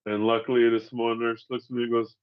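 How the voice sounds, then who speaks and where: A comedian from Seattle telling a personal story in a candid, profane and animated way. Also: male voice, medium pitch, quick pace, smooth, highs cut off. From Seattle, USA.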